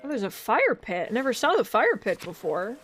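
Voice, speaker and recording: A woman's voice: a little high, big pitch swings, fairly quick, fairly bright tone. A woman streamer giving casual gameplay commentary, with chatty, amused asides to her viewers. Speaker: streamer reading a game aloud. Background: faint lo-fi music.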